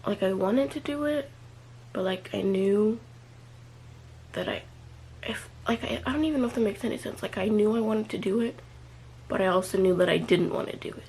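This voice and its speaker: A young woman in a personal vlog, talking haltingly and filling her speech with "like" and trailing pauses. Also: medium pitch, darkish tone, slight background noise, low-quality recording. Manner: hesitant, filler-heavy, many "like"s and trailing off. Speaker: vlogger.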